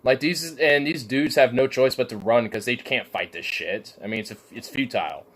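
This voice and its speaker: A man's voice: mid-range voice, normal speed, fairly bright tone. A man in a casual rant, rambling and cursing, packing his talk with "like". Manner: profane, rambling, heavy use of filler "like".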